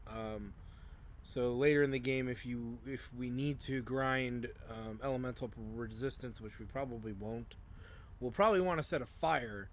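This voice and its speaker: A man's voice: medium pitch, moderate pace, slight background noise. A man hosting a let's play, giving casual gameplay commentary and rambling as he talks to himself. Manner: rambling and self-talking, with fillers and mild joke curses.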